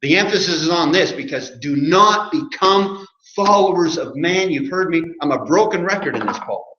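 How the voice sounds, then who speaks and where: A man's fairly high, animated voice comes across pushed and bright at a moderate pace. He preaches an interactive sermon from the pulpit of a church sanctuary, asking the congregation questions and joking. The recording is roomy and muffled.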